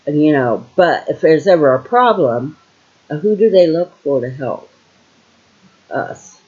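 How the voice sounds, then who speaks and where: An older woman from Ohio muses aloud at home in a slow, unhurried drawl, wandering from thought to thought with plenty of fillers. The recording sounds dull and lo-fi. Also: deep voice, expressive, darkish tone. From Ohio, USA. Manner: meandering, with many fillers and trailing thoughts. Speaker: vlogger. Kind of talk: casual rambling monologue.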